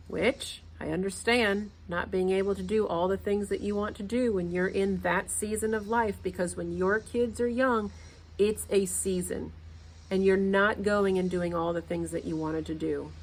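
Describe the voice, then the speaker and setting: A woman's voice: mid-range voice, fairly even intonation, a little slow. A woman in her thirties hosting a casual motivational talk, earnest and repeating her points for emphasis. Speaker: podcast host.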